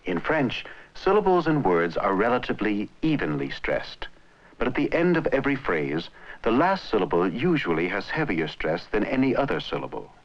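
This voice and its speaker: Lively low-voiced film narrator. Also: male voice. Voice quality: clear, measured explaining. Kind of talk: scripted educational narration. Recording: muffled old film soundtrack.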